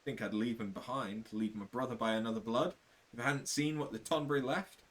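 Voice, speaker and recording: A man voicing a grim, weary surviving adventurer, reading game dialogue aloud in a low, bitter, somber way. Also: brisk, close to an everyday voice.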